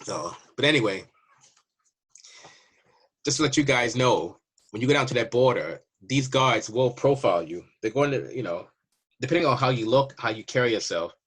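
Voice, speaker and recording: A man's voice: mid-range voice, expressive, normal speed, long pauses, fairly bright tone, breathy edge. A man from Canada talking casually to viewers, telling a border story and acting out the dialogue as he goes. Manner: chatty, acts out border dialogues. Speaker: waiver service representative.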